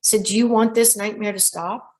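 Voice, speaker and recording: A middle-aged woman hosting a show about dreams, telling a client's story in a lively way and quoting people directly. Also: medium pitch, normal speed. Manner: animated storyteller who quotes people directly. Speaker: radio show host and dream interpreter. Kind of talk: storytelling monologue.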